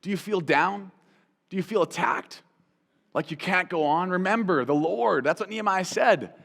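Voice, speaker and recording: A man hosting a Christian teaching show, talking in an animated, conversational way, repeating phrases for emphasis and putting direct questions to the listener. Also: sits high, normal speed, gravelly, big-room sound. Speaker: host and Bible teacher.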